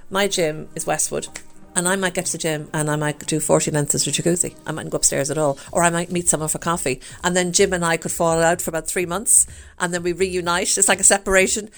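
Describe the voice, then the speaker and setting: A woman's voice: on the low side, steady tone, fast talker, vocal fry, hardly any pauses. An Irish woman in her fifties chatting in an upbeat, rambling way as a participant in a health challenge. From Ireland. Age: 50s. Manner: chatty and upbeat, full of fillers. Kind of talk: casual chat.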